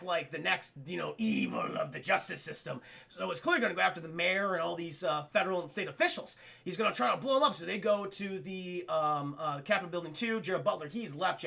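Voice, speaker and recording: A male streamer with a gravelly, bright edge to his voice, talking through a movie for his chat. He is excitable and swears freely. He keeps breaking off to speak to the viewers directly. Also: high-pitched. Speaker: streamer reviewing films live. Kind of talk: casual live-stream film recap.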